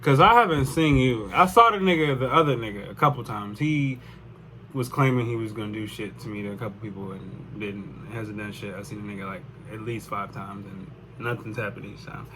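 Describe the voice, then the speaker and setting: A man's voice: fairly low pitch, a little fast, a bit bright, slight background noise. A young man telling a personal story in a casual, rambling way, full of swearing and "like". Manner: rambling, profane, lots of "like". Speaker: vlogger.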